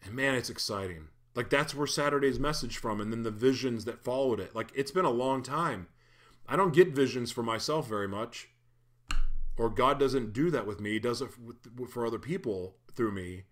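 A man delivers a sermon in an easygoing, conversational style, full of animated asides and playful tangents. His voice sits in a middle register. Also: medium pitch, normal speed. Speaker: pastor. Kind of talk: casual sermon.

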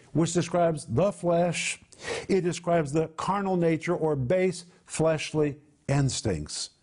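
A man teaching the Bible on a television program, emphatic, slowing down to stress key words. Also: fairly high pitch, darkish tone.

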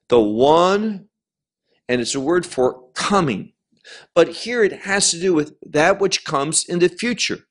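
Male Bible teacher, slightly high voice, very animated pitch, unhurried sermon delivery. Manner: slow, emphatic, with lively pitch swings.

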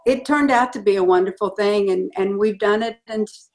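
A middle-aged woman telling a personal story in an interview, earnest and animated. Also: medium pitch, normal speed. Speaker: guest.

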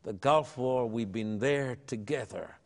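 A man's voice: medium pitch, a little slow. An older Australian man, an evangelist and pastor, answering interview questions in a fervent, preacherly way.

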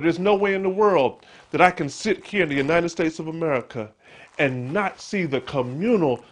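A middle-aged male pastor preaching a sermon, full of stammered restarts, building to emphatic peaks and dropping to a hushed voice for scripture. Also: on the high side. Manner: quotes scripture in a hushed, slow whisper.

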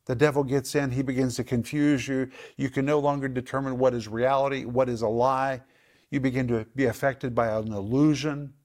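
A man teaching scripture on a program, emphatic, repeating words for stress and slowing down on key points. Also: mid-range voice, fairly even intonation, darkish tone. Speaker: Bible teacher.

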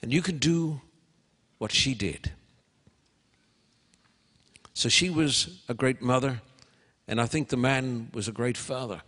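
A man delivers a sermon slowly and deliberately, leaning into dramatic pauses. His middle-pitched voice rings out in a large hall, with a long reverb trailing each phrase. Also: fairly bright tone, husky. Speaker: preacher.

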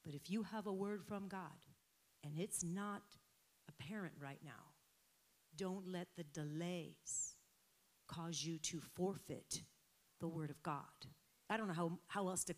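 A woman preaching a sermon in a middle-pitched voice. She swings between soft, reflective passages and loud, fervent climaxes, and she drives her points home with repetition. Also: normal speed. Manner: passionate preaching that builds to loud emphatic peaks.

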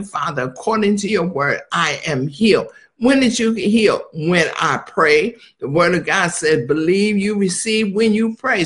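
A man's voice: sits high, a bit bright. A male minister preaching a live-streamed sermon in a call-and-response style, sometimes dropping to a near-whisper.

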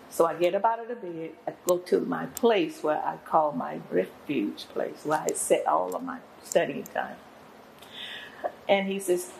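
A woman's voice: fairly low pitch, normal speed, creaky, slight background noise, rough recording. An older woman, a guest apostle and pastor, telling her testimony in an interview in an earnest, preacherly way.

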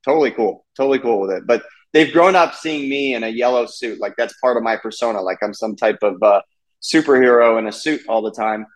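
A man's voice: medium pitch, brisk, poor audio. A man in his thirties, a race car driver, chatting casually in an interview with many fillers and restarts.

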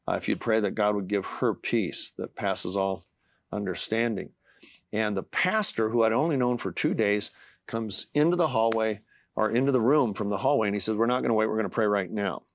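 A man's voice: lowish voice, no room sound, studio quality. Earnest man telling a faith story. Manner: earnest storyteller, halting with fillers and restarts. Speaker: guest author. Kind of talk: testimony in a talk-show interview.

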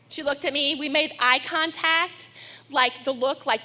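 A middle-aged woman pastor preaching a sermon, telling family stories with lively acted-out quotes. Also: high voice, normal speed. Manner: storytelling, animated when acting out her daughter.

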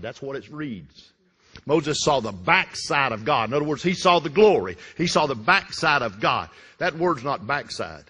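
A man preaching a fervent sermon in a church sanctuary, his voice husky and bright, swinging widely in pitch. The sound carries the long reverb of the hall as he repeats lines and swings between loud bursts and hushed asides. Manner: fervent, repetitive, with sudden loud bursts and drops. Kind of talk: Pentecostal-style sermon.

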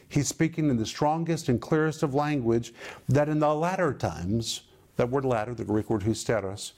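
A man's voice: medium pitch, a little mellow. A man giving a televised Bible teaching, speaking emphatically and explaining Greek words.

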